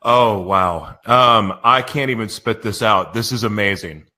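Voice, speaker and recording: A man's voice: on the low side, unhurried, bright, forceful tone. Giddy, emotional male radio host. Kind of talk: live radio show opening. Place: radio studio.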